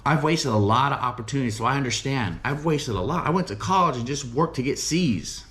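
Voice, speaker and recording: A man's voice: mid-range voice, expressive, fairly quick, a bit bright. A middle-aged man giving an earnest, emphatic motivational talk about faith and recovery, often repeating phrases and asking "right?". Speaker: recovery home director and preacher.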